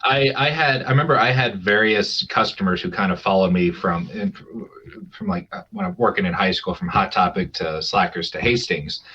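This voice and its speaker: A man's voice: on the low side, big pitch swings, normal speed, sharp tone, slightly rough. A man co-hosting a podcast in casual chat, rambling with many restarts, laughing and swearing freely. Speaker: podcast co-host. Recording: dull, lo-fi podcast mic.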